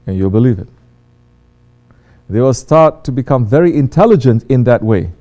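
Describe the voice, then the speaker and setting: A man giving a sermon as a religious teacher, acting out quoted voices and swinging between hushed and loud delivery. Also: medium pitch, lively intonation, moderate pace.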